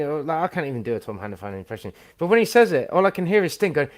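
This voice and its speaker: A British man co-hosting a wrestling podcast, swearing freely in lively banter. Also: fairly high pitch, very fast. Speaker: podcast co-host. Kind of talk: casual wrestling review chat.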